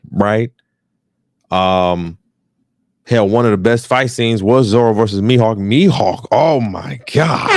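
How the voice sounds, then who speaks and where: A man's voice: on the low side, dry recording, clean studio sound. An American man with an African American English accent hosting a podcast, ranting casually and profanely, repeating phrases for emphasis. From United States. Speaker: podcast host.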